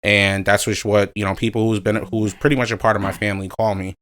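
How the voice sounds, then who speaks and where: A man's voice: fairly low pitch, flat delivery, quick pace, a bit bright. A man co-hosting a casual podcast, talking in an easygoing, rambling way with many filler words. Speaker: podcast co-host.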